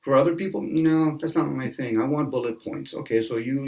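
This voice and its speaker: Man, panel discussion, animated and speculative, mid pitch, heard from a distance. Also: moderate pace, hardly any pauses, dull audio, background noise. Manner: animated, acts out quoted exchanges, laughs often. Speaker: panel guest. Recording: distant from the mic.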